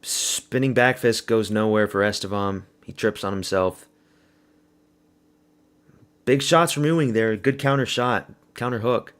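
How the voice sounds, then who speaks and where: A man's voice: on the low side, a little slow, pauses often, a bit bright. A man streaming a fight watch party, chatting casually and answering viewers while calling the action, with plenty of swearing. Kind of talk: casual live fight commentary.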